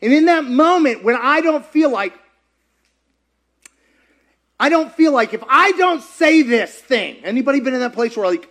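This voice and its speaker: A man preaching a sermon as a pastor, animated and conversational, often asking the audience questions. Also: very high voice, normal speed, long pauses.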